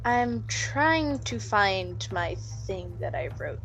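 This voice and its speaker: A woman player in a tabletop game, soft-spoken and unhurried. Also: mid-range voice, very animated, gravelly, soft background music.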